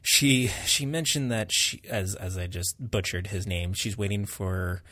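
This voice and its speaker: Chatty low-voiced man, very dry sound. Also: a little slow, sharp tone, no room sound. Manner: chatty, self-deprecating, laughs easily. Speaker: podcast co-host. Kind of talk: casual book discussion.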